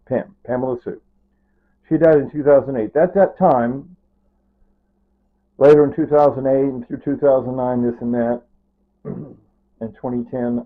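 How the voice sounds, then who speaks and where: Older man vlogger, rambling and repetitive, near tears at times; thin, phone-like audio. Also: medium pitch. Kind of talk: rambling casual monologue. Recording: tinny phone-like sound.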